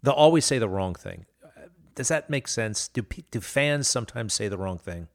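A man's voice: lowish voice, animated, moderate pace, vocal fry. A man hosting an interview, rambling and searching for words as he asks a question. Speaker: interview host. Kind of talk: interview conversation.

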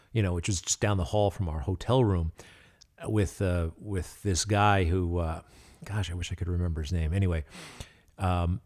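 A man hosting a podcast, telling a story casually and haltingly with many fillers and small laughs. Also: deep voice, a little mellow. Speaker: podcast host.

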